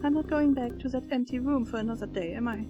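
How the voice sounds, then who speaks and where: A woman playing a gentle, chatty old lady. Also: on the high side, fast, dull audio, over music, close to an everyday voice. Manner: polite, motherly, calls others dear. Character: frail elderly woman test subject, gentle and chatty. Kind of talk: game character voicing while playing.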